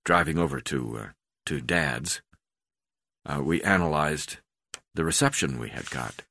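A man reading his own memoir aloud in a steady pace, with frequent hesitation fillers. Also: very deep voice, unhurried, vocal fry, no room sound, studio quality. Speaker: memoir narrator.

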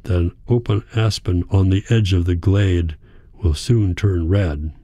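A man narrates a literary story in the first person, his delivery quiet and measured. His voice sits low and has a warm, mellow tone. The recording is close and dry, with no room sound. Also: steady tone, no room sound. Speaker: audiobook narrator.

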